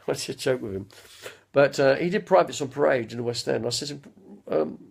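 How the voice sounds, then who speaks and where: A man's voice: medium pitch, brisk, vocal fry, breathy edge. A man in his fifties chatting casually on a live stream from home, rambling through anecdotes and trailing off to recall names. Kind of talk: casual chat.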